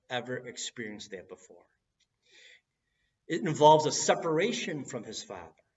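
Male preacher, unhurried earnest sermon delivery, recorded from a distance with a dull sound. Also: mid-range voice. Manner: earnest, building to cries at key moments.

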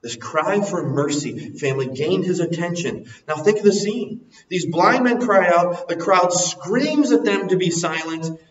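A man preaching a sermon, dropping soft and low, then rising loud and emphatic. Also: lively intonation, a little slow. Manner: swings from soft and low to loud and soaring, sings a hymn line. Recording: echoey hall, recorded from a distance, muffled.

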